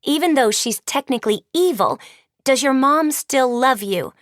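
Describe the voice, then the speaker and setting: A woman reading an audiobook, voicing a curious teenage monster girl who talks in a brisk, blunt way. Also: high voice, expressive, a bit bright, no echo, clean studio sound, voice pushed up. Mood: upbeat.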